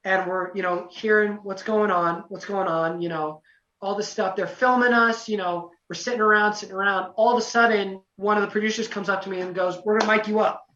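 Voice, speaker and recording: A young man telling a casual story as a podcast guest, lively, acting out quotes, with lots of "you know" fillers. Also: sits high, fairly quick. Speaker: podcast guest, former singing contestant. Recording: roomy, distant, dull lo-fi sound.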